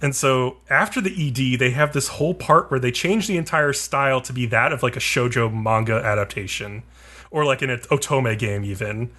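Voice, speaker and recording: A man's voice: mid-range voice, normal speed, sharp tone. A man co-hosting a podcast, casually recapping an anime episode in a rambling, filler-heavy, profane way. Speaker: podcast co-host.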